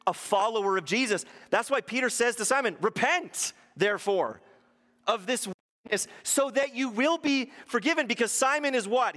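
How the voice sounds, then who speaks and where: A man's voice: fairly high pitch, fairly bright tone. A man preaching a sermon as pastor, posing rhetorical questions and acting out quotes in shifting voices. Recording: long hall reverb.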